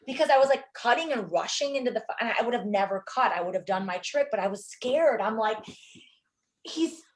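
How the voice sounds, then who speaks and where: Woman, middle-aged, filmmaker, animated storyteller, lively quoting, casual interview talk. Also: a little high, fast talker. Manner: animated, acts out quotes, many fillers. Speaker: filmmaker guest.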